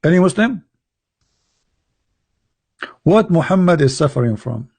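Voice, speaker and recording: Mocking, gravelly-voiced male host. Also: a little high, big pitch swings, measured pace, darkish tone, no room sound. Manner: mocking, sarcastic, rambling. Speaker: online debate host. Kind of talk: casual livestream talk.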